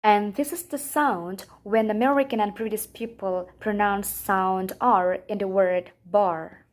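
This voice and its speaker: A woman's voice: medium pitch, fairly even intonation, measured pace. A young woman, a student whose first language is Indonesian, reading her class presentation aloud from a script in a careful way.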